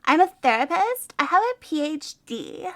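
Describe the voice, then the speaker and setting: Lady putting on a squeaky valley girl shrink, super loud and gushy. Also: sing-song, normal speed, full character voice. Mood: gushing. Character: bubbly valley girl therapist, young woman.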